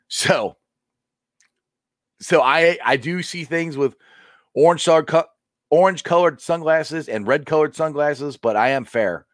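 A man hosting a casual live-stream sports show, excitable and rambling, with frequent laughs. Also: mid-range voice, no echo, clean studio sound.

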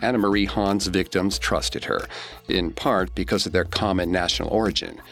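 Male podcast host, very low voice, grave scripted true-crime read over faint music. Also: steady tone, moderate pace, gravelly, fairly bright tone.

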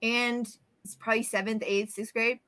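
A woman from the Bronx, a guest on a podcast, telling stories in an animated, casual way and laughing easily. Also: fairly high pitch, moderate pace. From the Bronx, New York. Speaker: podcast guest, brand creator. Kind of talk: casual conversational interview.

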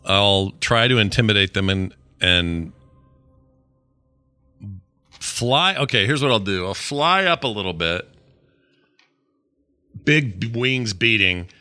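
A man's voice: fairly low pitch, expressive, slow, pauses often, pushed and bright, soft background music. A man playing a tabletop role-playing game, talking animatedly and thinking aloud. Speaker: player.

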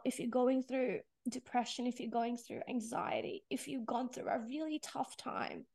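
A woman's voice: high-pitched, a little mellow. A woman guest giving an earnest, emotional faith testimony in conversation, laughing through tears at times. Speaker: podcast guest.

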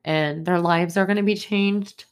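A young woman talks through a solo podcast episode in a low, unhurried voice. She rambles in a loose stream of consciousness, filling gaps with "um" and "like". Her tone stays upset and indignant throughout. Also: steady tone, clear, resonant tone. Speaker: podcast host. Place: home in Boston.

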